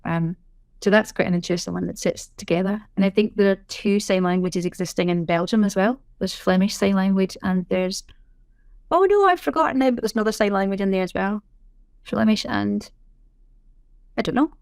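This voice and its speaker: A woman's voice: medium pitch, expressive, a little fast, a little mellow, clear, resonant tone, no room sound. Woman, middle-aged, chatty guest; dry close mic. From Scotland. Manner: chatty, self-correcting, explanatory. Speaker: sign language interpreter, podcast guest. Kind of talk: casual interview chat.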